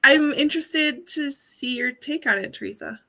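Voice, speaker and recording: A woman chatting casually about books on a live stream, friendly and quick to chime in. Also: high voice, pushed and bright, low-quality recording. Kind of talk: casual chat.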